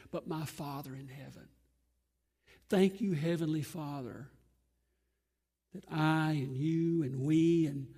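Gravelly-voiced preacher in a hall. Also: male voice, fairly high pitch, warm tone. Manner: earnest, emphatic preaching with pauses. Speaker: pastor. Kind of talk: sermon. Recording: long hall reverb.

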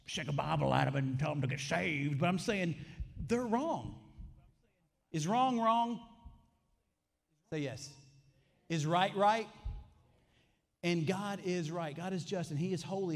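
A man's voice: fairly high pitch, brisk, gravelly. A man, preaching a sermon with emphatic call-and-response lines. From Alabama, US. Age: 40s. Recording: long hall reverb.

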